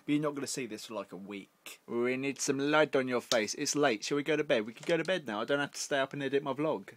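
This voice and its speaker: A man's voice: mid-range voice, fast talker, fairly bright tone, slight background noise. Young male vlogger, chatty and playful, camera in hand. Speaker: daily vlogger. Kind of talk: casual vlog chat.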